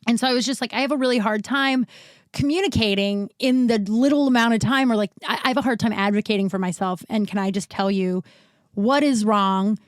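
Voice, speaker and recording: A woman's voice: fairly high pitch, brisk, no echo. Chatty woman with a dry close sound. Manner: chatty, swearing, acts out quoted people. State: recovering from illness, winded. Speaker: podcast host. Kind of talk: casual storytelling monologue.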